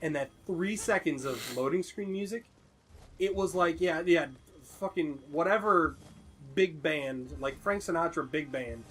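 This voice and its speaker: A man hosting his own let's play in casual chat, expressive and profane. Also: fairly high pitch, a little slow, slightly rough.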